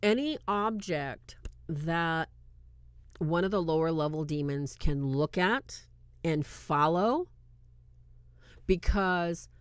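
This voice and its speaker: A woman hosting a religious film review, talking casually to her viewers and swinging between loud and hushed. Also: on the low side, dry recording. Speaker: host reviewing a film on demonology. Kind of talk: casual faith-based commentary.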